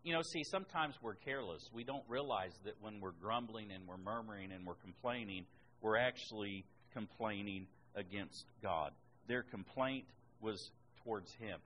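A man preaching a sermon and reading scripture aloud, rising sharply in pitch and volume on the words he stresses. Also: normal speed, a bit bright, slight background noise, low-quality recording. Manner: emphatic, rises in pitch and volume on key words.

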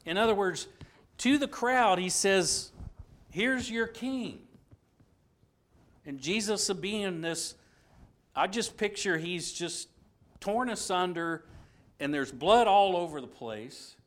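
A man teaching an informal Bible lesson, retelling the scene in a conversational way with restarts and asides, moving between loud passages and hushed ones. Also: sits high, animated, slow pace.

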